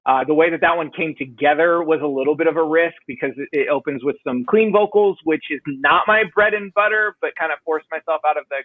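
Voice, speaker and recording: A man's voice: fairly high pitch, fairly quick, few pauses, no room sound, phone-quality sound. A man being interviewed on a podcast as a band vocalist, talking in a rambling, self-deprecating way with many fillers. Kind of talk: casual interview chat.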